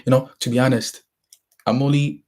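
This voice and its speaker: A young man with a Ghanaian accent hosting a casual motivational talk, halting and rambling, often restarting his sentences. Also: mid-range voice, fairly even intonation, a little mellow. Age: young adult.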